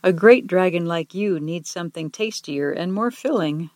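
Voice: mid-range voice, lively intonation, moderate pace, no echo, studio quality, close to an everyday voice. A reader voicing a small earnest owl knight. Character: small brave young male owl knight. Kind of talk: storybook read-aloud.

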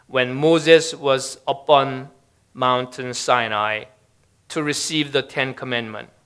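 A male pastor preaching a Sunday sermon in his church sanctuary. He speaks very slowly and stops often on "uh" and "um". His voice is smooth and clear, a little above a typical man's pitch. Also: a bit bright. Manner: hesitant, many fillers.

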